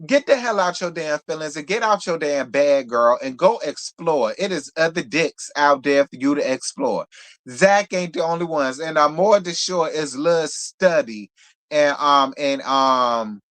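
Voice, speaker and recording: Man, fairly high voice, sassy, blunt live recap. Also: unhurried, a bit bright. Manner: sassy, blunt, talks straight to viewers. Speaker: reality show reviewer. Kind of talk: live stream recap chat.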